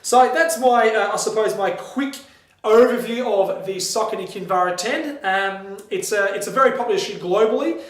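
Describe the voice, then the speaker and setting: A man's voice: sits high, normal speed. Australian man reviewing running shoes, echoey. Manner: friendly, candid, with frequent ums and restarts. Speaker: shoe store reviewer. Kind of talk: product review to camera. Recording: echoey room.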